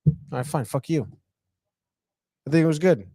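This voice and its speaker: A man's voice: fairly high pitch, normal speed, mellow, no echo, clean studio sound. A man co-hosting a podcast, retelling a TV episode in a loose, profane way and saying "dude" and "whatever" a lot. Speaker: podcast co-host. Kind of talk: casual chat, retelling a TV episode.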